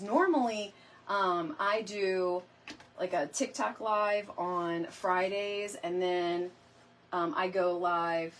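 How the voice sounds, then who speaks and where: A middle-aged woman with a fairly low voice hosts a live crafting stream, chatting and rambling to viewers as she works. She keeps fighting off a lingering cough.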